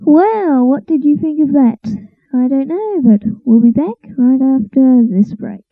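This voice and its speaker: A woman hosting a children's show, speaking in a sweet, slow sing-song way. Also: high-pitched, expressive, dry recording, narrow, tinny audio.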